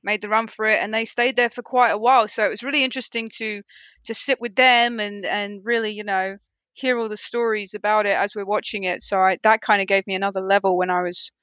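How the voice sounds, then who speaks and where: A woman on a podcast panel, telling lively stories in casual chat and acting out her relatives with a laugh. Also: medium pitch, fairly quick, dry recording. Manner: animated storyteller, laughs often, mimics relatives.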